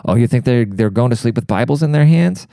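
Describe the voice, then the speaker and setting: A man's voice: medium pitch, animated, fairly quick, creaky, warm tone, dry recording, clean studio sound. A young man telling a crude, rambling comedic rant, heavy on swearing and fired up. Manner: profane, rambling, fired-up, says dude a lot. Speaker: monologue speaker.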